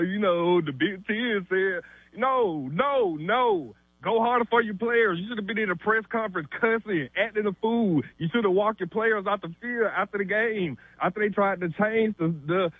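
A man's voice: high voice, husky, no echo. A man calling in to a sports radio show, ranting indignantly until he is out of breath. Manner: fired-up, indignant, rapid rant. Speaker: caller. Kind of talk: ranting call-in. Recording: tinny phone line.

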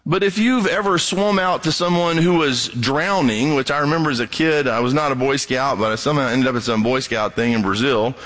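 A middle-aged male pastor preaching a sermon in a conversational way, breaking into other voices when he quotes people. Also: a bit bright. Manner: conversational, acts out quoted voices in a raised pitch.

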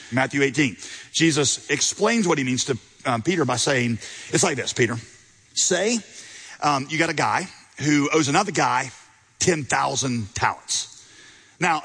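A man preaching a sermon as a pastor, telling a parable with lively acted-out quotes. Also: slightly rough, poor audio. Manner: storytelling preacher, voices quotes with big pitch swings.

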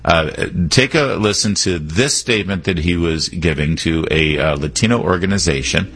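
A man's voice: sits low, normal speed, a bit bright, slightly rough. A man hosting a political talk radio show, delivering a punchy, sarcastic, opinionated monologue.

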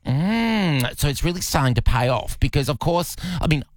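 A man's voice: on the high side, animated, normal speed, no room sound. An Australian man telling stories on a radio show, chatty and self-mocking with many restarts. He voices cartoon characters, and people often say his voice sounds put on. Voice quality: voice often called put on and irritating. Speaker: radio show guest and voice actor. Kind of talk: casual radio banter.

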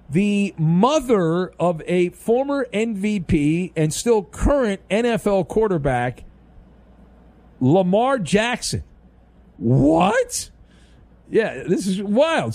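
A man's voice: on the high side, warm tone. A middle-aged man hosting a sports talk radio show, wry and rambling as he riffs on the news.

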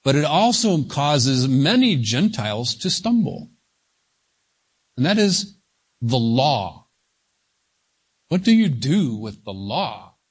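A man preaching an expository sermon, slow and deliberate, leaning hard on single words as he reads scripture aloud. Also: mid-range voice, big pitch swings, breathy edge. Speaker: pastor.

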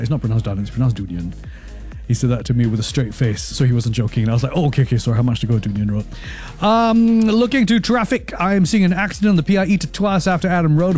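A man's voice: on the high side, a little mellow. A man with a Singaporean accent presenting radio news and business, with chatty asides between bulletins. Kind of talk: radio news reading and casual chat. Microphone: studio microphone.

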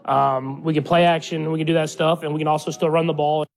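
Male athlete, postgame, quick and flat-toned, halting phrasing. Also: on the high side, gravelly, low-quality recording. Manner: halting, many restarts and fillers. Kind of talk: casual postgame remarks.

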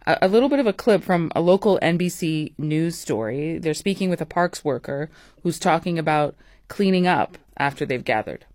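A woman's voice: low-pitched, expressive, moderate pace, a little mellow, dry recording, clean studio sound. Friendly woman radio host. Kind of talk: radio interview.

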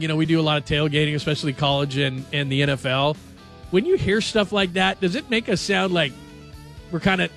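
Man, sports radio host, gravelly, slightly high voice, jokey banter, faint music bed. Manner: jokey, animated, reads headlines aloud. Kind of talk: casual radio chat.

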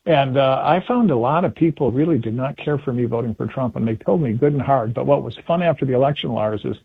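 Male political commentator calling in, husky voice, tinny phone line, animated and chatty. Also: mid-range voice, fast talker, no echo. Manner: animated, acts out quotes in put-on voices. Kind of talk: casual political talk on radio. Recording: phone-line call-in audio.

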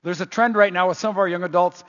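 A middle-aged man preaching a sermon in an animated, emphatic, repetitive way. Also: high-pitched, fast talker. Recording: dull reverberant church sound.

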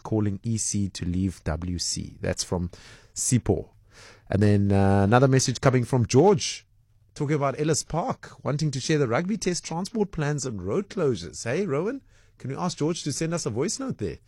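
A man's voice: on the low side, a little mellow, no echo, studio quality. A man hosting a breakfast radio call-in show, chatting and reading out listener messages with plenty of ums and uhs. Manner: chatty, reads out listener messages with many fillers.

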